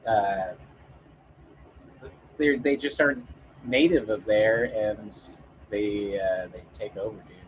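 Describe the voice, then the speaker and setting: A man's voice: lowish voice, takes it slowly, long pauses, dull audio, a little hiss or hum. A man chatting casually with an audience as a streamer, rambling and joking with frequent swearing and fillers.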